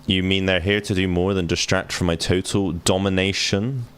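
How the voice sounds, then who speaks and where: A man's voice: sits low, flat delivery, normal speed, a bit bright, smooth. A man reading the lines of a muscular, arrogant trapper killer in a dating game, dismissive and insulting. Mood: scornful.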